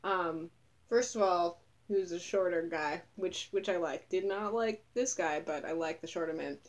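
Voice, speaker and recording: A woman's voice: on the low side, normal speed. A woman vlogger talking casually to camera, rambling and swearing with a sarcastic edge, sounding tired.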